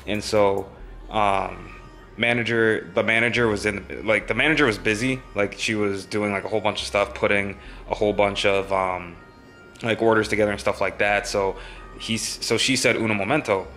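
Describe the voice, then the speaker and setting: A man's voice: on the low side, fairly even intonation, moderate pace, a bit bright, soft background music. A young man vlogging, telling a story in a rambling, casual way with many fillers.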